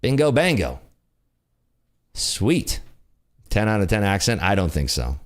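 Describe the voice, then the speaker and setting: A man hosts a live trading stream in a chatty, upbeat way, cracking jokes between updates. His voice is on the low side but bounces all over the place. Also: very animated, measured pace. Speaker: day-trading livestream host. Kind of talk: casual live commentary.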